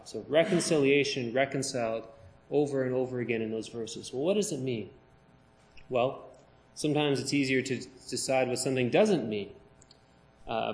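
A man preaching a sermon, slowing down and stressing the words when he quotes scripture. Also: mid-range voice. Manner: emphatic, slows down to stress scripture.

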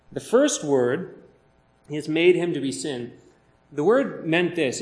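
Guy preaching in church, emphatic, slows way down on verses. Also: medium pitch. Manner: emphatic, slows down to stress scripture. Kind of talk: sermon.

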